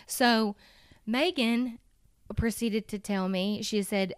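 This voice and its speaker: A woman's voice: medium pitch, slow, clear, resonant tone, no echo, clean studio sound. A woman telling a personal story in casual conversation, candid and emotional, swearing now and then and acting out quotes.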